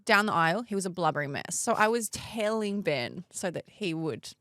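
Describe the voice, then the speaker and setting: A woman's voice: lowish voice, lively intonation, normal speed, fairly bright tone, dry recording, studio quality. A woman, co-hosting a podcast and telling stories with lots of laughter. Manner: chatty storyteller, laughs often. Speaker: podcast co-host. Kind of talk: casual chat.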